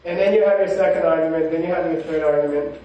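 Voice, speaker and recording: A man's voice: a little high, fairly even intonation, fast talker, muffled recording. A man, a monk, giving a casual spiritual talk full of personal stories, rambling and conversational with many "you know"s. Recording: very echoey room, mic far off.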